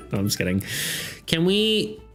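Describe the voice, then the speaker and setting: A man acting as game master on a live tabletop stream, keeping the narration loose and giggly with plenty of self-mocking asides. His pitch is middling but moves a great deal, and quiet music runs underneath. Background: faint background music.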